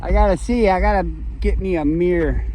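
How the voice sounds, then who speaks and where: A man's voice: high voice, fairly quick, warm tone, slight background noise, low-quality recording. A man ranting bluntly and profanely in a casual, joking way while walking his dog outside in the cold. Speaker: vlogger. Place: outdoors in the cold.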